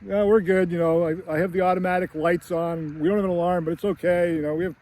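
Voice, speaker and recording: A man's voice: high voice, steady tone, quick pace, a little mellow, pitched above the performer's own voice, lightly acted. A man voicing an easygoing father who answers breezily. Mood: breezy. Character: easygoing suburban dad.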